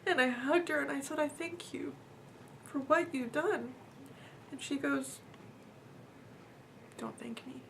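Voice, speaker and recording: Woman, fairly high voice, earnest storytelling, halting, soft at times, faint background noise. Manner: earnest, halting, with fillers and repeats, voice dropping to a near whisper at times. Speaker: vlogger telling a personal story. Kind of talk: casual personal storytelling.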